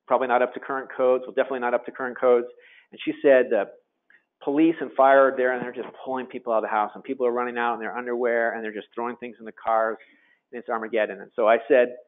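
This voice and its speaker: A middle-aged man, an emergency physician, telling a personal story to an audience in a halting way with many fillers. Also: medium pitch. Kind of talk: presentation talk. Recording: phone-like narrow sound.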